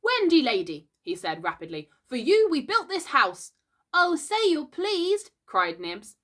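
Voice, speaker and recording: A woman's voice: medium pitch, wildly swooping pitch, moderate pace, pushed and bright, exaggerated voice. A woman reading a storybook aloud and voicing a group of eager young boys who plead and chant together.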